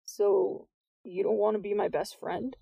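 A woman doing a deadpan, wisecracking teenage boy. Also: medium pitch, measured pace, creaky, husky, no room sound, highs cut off, full character voice. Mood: puzzled. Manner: wry, deadpan, teasing.

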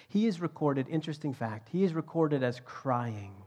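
A man preaching a sermon, swinging from loud, emphatic lines to hushed, whispered passages. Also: on the high side, animated, normal speed. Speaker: pastor.

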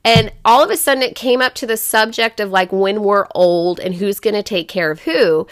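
In a dry, studio-quality recording, an adult woman who is a parent speaks at normal speed with a medium-pitched voice. She shares a personal story in a candid, casual podcast chat, cursing freely and peppering her talk with "like" and "you know."

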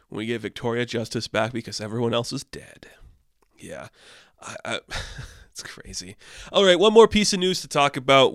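A young man riffs through entertainment news in a casual, animated way, his tone swinging between deadpan sarcasm and sudden excited highs. His voice is smooth and resonant at a middle pitch. The sound is dry and close, with no room around it. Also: dry recording. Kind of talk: casual commentary.

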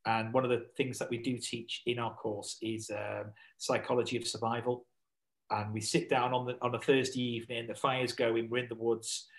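A man's voice: medium pitch, level tone, moderate pace, rough recording. A man chatting as a podcast guest, rambling with lots of fillers and restarts. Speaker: podcast guest, survival instructor. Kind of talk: casual podcast chat.

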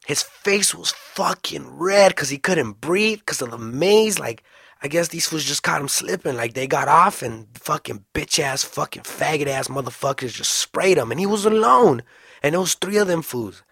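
A young man telling a story casually, full of slang and swearing, animated and fast. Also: a little high, gravelly, slightly rough, dry recording, studio quality.

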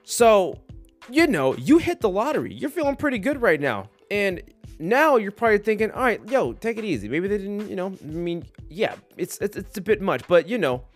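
A man around thirty hosting a solo podcast, rambling in a jokey, animated way. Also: high-pitched, normal speed, soft background music. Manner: rambling, animated, jokey, slips into silly voices. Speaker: podcast host.

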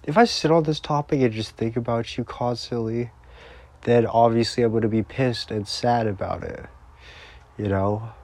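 A man's voice: medium pitch, moderate pace, a little mellow, no room sound. A man crying as he records a rambling, profane, heartbroken personal voice message.

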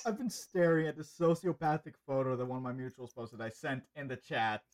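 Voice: medium pitch, brisk. A podcast host in casual chat, telling long rambling stories with many restarts.

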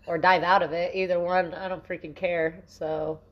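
A woman's voice: fairly low pitch, little pitch movement, normal speed, dull audio. A woman co-hosting a casual podcast, telling a story in a rambling, joking way with lots of fillers. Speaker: podcast co-host.

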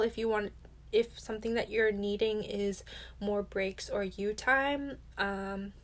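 Chatty young woman podcast host. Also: mid-range voice. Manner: chatty, heavy use of "like", candid and swears casually. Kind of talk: casual self-help monologue.

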